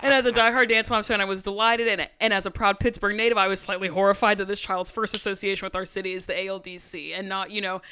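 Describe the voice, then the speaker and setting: A young woman co-hosting a podcast in casual, animated chat, swearing freely and laughing often. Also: mid-range voice, quick pace, few pauses, clean tone. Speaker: podcast co-host.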